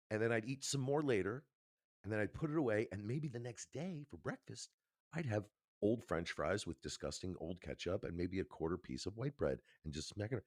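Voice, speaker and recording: A man's voice: lowish voice, no room sound, clean studio sound. A man co-hosting a podcast, telling a personal story in a casual, emphatic way and swearing now and then. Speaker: podcast co-host.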